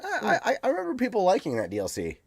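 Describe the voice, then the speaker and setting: Male co-host, relaxed teasing chatter, lively pitch, dry booth sound. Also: fast, dry recording. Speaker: podcast co-host. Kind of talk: casual chat about video games.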